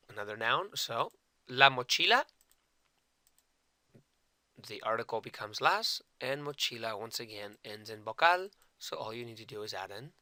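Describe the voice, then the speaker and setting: A man teaching Spanish grammar in English, speaking slowly and deliberately, repeating and spelling out each example and mixing Spanish words into his explanation. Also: mid-range voice, sharp tone, no echo.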